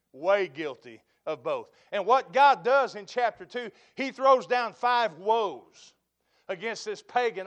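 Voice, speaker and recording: A man preaching a sermon, building to loud emphatic peaks and then dropping to a low, quiet tone. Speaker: pastor.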